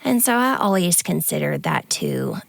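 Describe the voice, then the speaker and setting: A woman with grown kids talks on a podcast, near tears. Her voice is low and gravelly, her manner earnest and halting. The sound is dry and close. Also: huge pitch swings, dry recording. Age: adult with grown kids. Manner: earnest, emotional, halting confessional. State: tearful, near crying. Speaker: podcast co-host. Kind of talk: candid conversational podcast talk.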